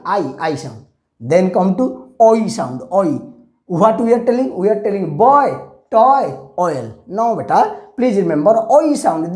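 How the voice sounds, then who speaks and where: A man's voice: high voice, darkish tone. A man teaching English vowel sounds, drilling each word over and over and slipping in Hindi words. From India. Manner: repeats each word many times, slow and drilling. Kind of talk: classroom phonics lesson. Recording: echoey room.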